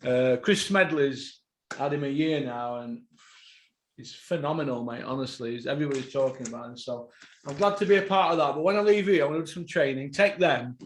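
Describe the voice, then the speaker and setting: A man hosting a boxing podcast, ranting, swearing and bursting into shouts. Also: medium pitch, brisk, reverberant.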